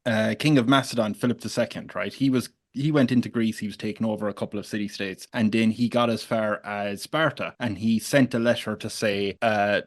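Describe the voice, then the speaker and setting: A man hosting a casual podcast chat, telling rambling stories with animated asides. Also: fairly low pitch, normal speed, few pauses, no room sound, clean studio sound. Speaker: podcast host.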